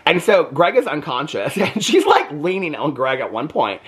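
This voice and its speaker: A man's voice: a little high, very animated, normal speed, fairly bright tone, breathy edge. An American man reviewing books in a casual, chatty way, often breaking into laughter. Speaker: book reviewer. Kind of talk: casual chat.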